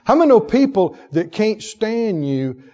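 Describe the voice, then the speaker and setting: A man preaching a sermon with fervor, swinging from hushed tones to shouts. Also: high voice, sing-song, measured pace. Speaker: pastor. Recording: dull sound in a long-reverb hall.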